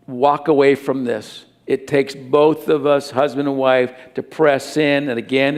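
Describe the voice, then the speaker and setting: Male pastor, sermon, gravelly voice, earnest and repetitive, reverberant church hall. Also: fairly high pitch. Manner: earnest, repetitive emphasis, drops to soft tones.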